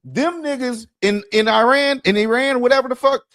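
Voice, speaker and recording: A man hosting a podcast, telling stories in casual chat, profane and animated, acting out what people said. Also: very high voice, normal speed, dry recording, clean studio sound. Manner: profane, animated, acts out quotes. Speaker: podcast host. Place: studio.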